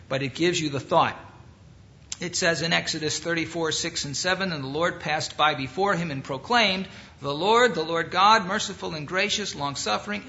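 Emphatic preacher, bright voice, lo-fi sound. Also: male voice. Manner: rises to emphatic high peaks on key points, then drops low and quiet; slows down to stress words, speeds through asides. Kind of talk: expository sermon. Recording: dull lo-fi sound.

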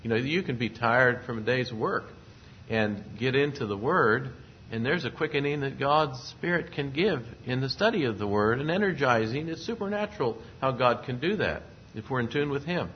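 A man preaching a sermon, speaking at a measured pace and lifting his voice when quoting scripture. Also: mid-range voice, lively intonation. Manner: measured preaching, rising emphasis on scripture quotes. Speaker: pastor. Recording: dull lo-fi sound, faint noise.

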